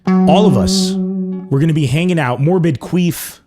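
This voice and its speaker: Brief: young male comedy podcast host, animated swearing storyteller, voice sits a bit high. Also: unhurried, soft background music. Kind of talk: casual comedic monologue.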